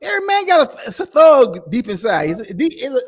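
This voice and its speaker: A man hosts a talk show, cheering his guest on with energetic, emphatic agreement. His pitch swings widely as he jokes and reacts. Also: brisk. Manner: lively backchannel, emphatic affirmations. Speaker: host. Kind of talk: casual chat.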